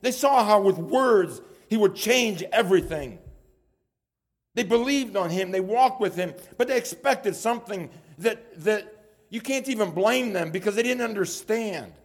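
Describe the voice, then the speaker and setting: A man with a high voice preaches a sermon. He speaks earnestly and often repeats words as he builds toward a point. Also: expressive, unhurried.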